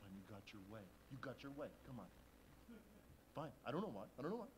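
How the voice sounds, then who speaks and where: A man voicing a grudging, annoyed male disciple who grumbles reluctantly in a low, sulky tone. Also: big pitch swings, fast talker, background noise, natural voice.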